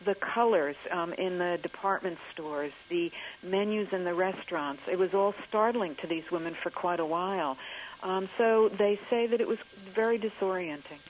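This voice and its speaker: A woman with a lowish voice speaks as an author in a radio interview, recounting events in a measured storytelling way. She pauses often and fills gaps with soft ums and uhs. A faint hiss sits under the recording. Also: low-quality recording. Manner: storytelling, thoughtful with frequent um and uh.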